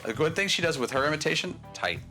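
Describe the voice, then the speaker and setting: Male co-host, rambling, self-mocking, bright tone. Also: fairly high pitch, lively intonation, fast talker, faint music behind. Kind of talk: casual studio banter.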